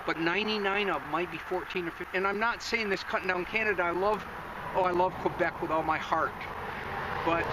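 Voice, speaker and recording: A man hosting a fishing show on a river bank, out of breath and excitedly talking viewers through his catch in a folksy way. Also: fairly high pitch, very noisy. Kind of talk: outdoor fishing commentary.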